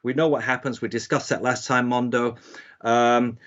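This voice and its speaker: A man from Britain teaching in a casual, meandering way, full of restarts and "you know" fillers. His voice sits at an ordinary middle pitch. The audio is slightly dull and lo-fi. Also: level tone, normal speed, fairly bright tone. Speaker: Bible prophecy teacher.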